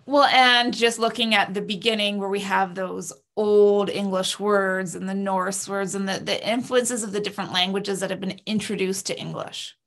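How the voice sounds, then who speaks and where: Gravelly-voiced woman interview host. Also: mid-range voice, fairly even intonation, moderate pace, hardly any pauses, a bit bright. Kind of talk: casual interview chat.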